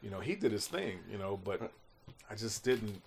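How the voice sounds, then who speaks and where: A man's voice: fairly low pitch, normal speed, vocal fry, slightly rough. A man telling stories casually in an interview, acting out quotes and swearing freely. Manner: animated, acts out quotes, swears freely, slangy. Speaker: music producer guest.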